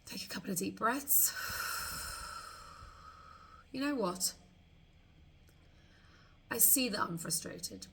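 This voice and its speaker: A woman leading a guided tapping meditation, slowly voicing frustrated thoughts for the listener to repeat. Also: mid-range voice, lively intonation, a bit bright, slight background noise. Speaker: tapping coach.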